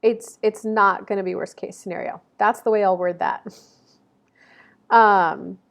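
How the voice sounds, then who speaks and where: A woman in her thirties talks through an astrology reading in a loose, rambling way, full of fillers and restarts. Her voice sits at a middling pitch. She speaks straight to viewers through a camera mic. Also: fairly even intonation, unhurried, gravelly. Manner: rambling, chatty, many fillers and self-corrections. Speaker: astrology reader. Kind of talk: casual monthly zodiac reading to camera.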